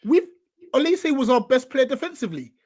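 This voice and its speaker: A man's voice: extremely high pitch, very animated, brisk, a little mellow. A young man on a home video call, ranting about his football club in an exasperated, emphatic way. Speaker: guest fan pundit. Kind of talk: live football fan panel chat.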